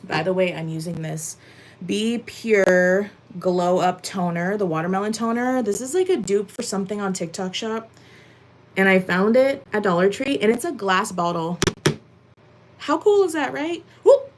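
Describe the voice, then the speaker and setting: A woman's voice: mid-range voice, moderate pace, noisy background. A young woman from Massachusetts chatting casually with viewers while doing chores, rambling with lots of "like" and "um," a little out of breath. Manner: chatty, rambling, many "like" and "um" fillers. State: a bit out of breath. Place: at home.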